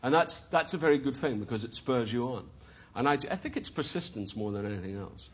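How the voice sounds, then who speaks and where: A man's voice: medium pitch, animated, fairly quick. A Scottish man, a guest actor, chatting easily on a talk show, with laughs between his answers. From Scotland. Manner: chatty, laughs between lines, restarts often. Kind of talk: casual chat show conversation. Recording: dull lo-fi TV recording with faint hiss.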